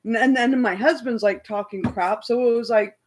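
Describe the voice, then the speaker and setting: A woman hosting a livestream, loudly and heatedly retelling an argument in casual talk. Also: a little high, normal speed, slight background noise, low-quality recording. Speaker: livestream host.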